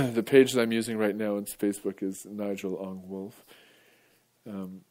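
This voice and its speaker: A man's voice: fairly low pitch, fairly even intonation, unhurried, darkish tone. A male radio host talking in a casual, rambling monologue, wandering off topic and chuckling often.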